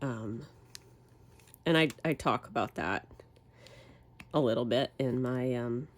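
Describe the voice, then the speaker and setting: A woman's voice: a bass voice, takes it slowly. A woman hosting a crafting channel, chatting casually while she works, her voice nasal from a cold, rambling and correcting herself as she goes. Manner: rambling, relaxed, self-correcting.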